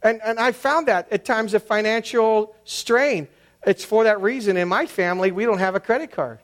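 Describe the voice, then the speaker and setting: A man's voice: high voice, moderate pace. A middle-aged man preaching as a pastor in a conversational, storytelling manner, sometimes acting out quoted voices. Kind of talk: sermon.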